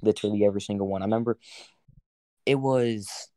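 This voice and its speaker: Animated young man telling a story. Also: fairly low pitch, fast talker, no echo. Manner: lively, animated storytelling, swears freely. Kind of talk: casual chat.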